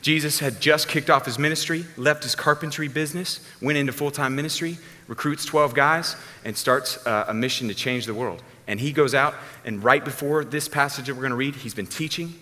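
A man's voice: medium pitch, fairly quick, few pauses. A man preaching a sermon as a pastor, telling the story casually and acting out the people in it. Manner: casual, animated storytelling with acted-out voices. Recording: long hall reverb.

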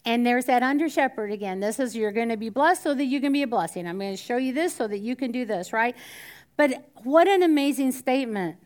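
A woman's voice: fairly high pitch, animated, a little fast. A woman teaching a Bible study in a conversational way, asking the group questions and sometimes dropping to a whisper. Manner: conversational, drops to a whisper at times, asks the room questions.

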